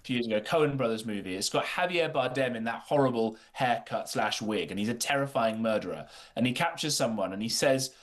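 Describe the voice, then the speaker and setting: A male political commentator talks on a radio show. His voice sits in the middle range, and he builds his points steadily with a wry edge. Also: mid-range voice. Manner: measured, wry, argumentative. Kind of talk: talk radio political discussion.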